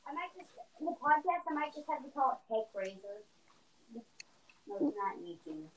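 High-voiced woman chatting on a podcast. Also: big pitch swings, a little hiss or hum, rough recording. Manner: halting, full of fillers and giggles, chatty asides. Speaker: podcast co-host. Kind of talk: casual podcast chat and story reading.

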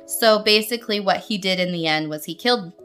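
A woman's voice: mid-range voice, brisk, a bit bright, faint music behind. A woman co-hosting a podcast, chatting casually and reading notes, with a giggly, chatty manner and a lot of "like". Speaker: podcast co-host.

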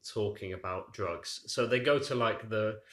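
A young man co-hosting a podcast tells long, rambling stories in casual chat, laughing at his own tangents. His voice is lowish, unhurried, and a bit bright, with a roomy echo in the recording.

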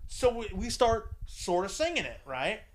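A man with a somewhat high voice hosts a casual podcast, spinning a crude story and voicing each person in it. His talk is loose and full of swearing. A faint noise sits under the recording. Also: moderate pace. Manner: profane, animated, acts out both sides of dialogue. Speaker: podcast host.

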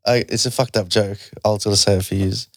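A young Australian man, a stand-up comedian, chatting on a podcast in an animated way and swearing freely. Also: on the low side, fast talker, noisy background. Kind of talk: casual podcast chat.

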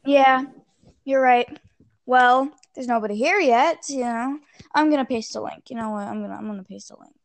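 A woman's voice: fairly high pitch, normal speed, vocal fry, dry recording. A young woman co-hosting a casual podcast, rambling and distracted, swearing offhandedly as she fiddles with links. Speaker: podcast co-host. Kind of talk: casual chat.

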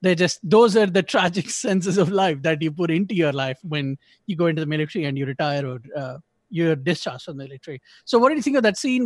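A man's voice: fairly high pitch, no room sound. A man hosting a podcast, reviewing an episode in casual chat with rambling, self-correcting talk and joking asides. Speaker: podcast host.

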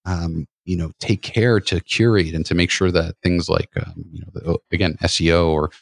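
A man's voice: deep voice, steady tone, normal speed, gravelly, husky. A man hosting a podcast, chatting casually with a guest in a rambling way full of restarts and fillers. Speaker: podcast host. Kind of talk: casual interview chat.

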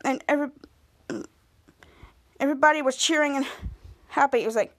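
A woman with a high, bright voice recaps a TV episode in casual podcast chat. She rambles and restarts mid-sentence, stacking "and then" after "and then". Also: a little fast. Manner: rambling retelling with restarts, acting out quoted lines. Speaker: podcast host.

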